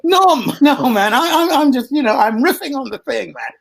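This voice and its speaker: A man's voice: lively intonation, normal speed, creaky, exaggerated voice. An older man putting on the voice of an easygoing young man who speaks casually and keeps calling people 'man'. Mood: breezy. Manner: casual, drops 'man' often, much higher than own voice.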